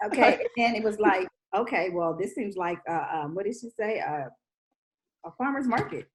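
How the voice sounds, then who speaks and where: A woman in a casual TV recap chat who gives considered opinions and pauses to search for words. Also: mid-range voice, animated, rough recording. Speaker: podcast co-host.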